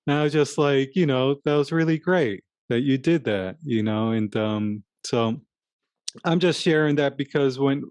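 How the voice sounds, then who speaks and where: A man co-hosting a casual talk show, telling a personal story in a halting, rambling way with many restarts. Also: medium pitch, darkish tone, clear, resonant tone, no echo. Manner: self-reflective, acts out his own inner voice. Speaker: podcast co-host. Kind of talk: casual conversation.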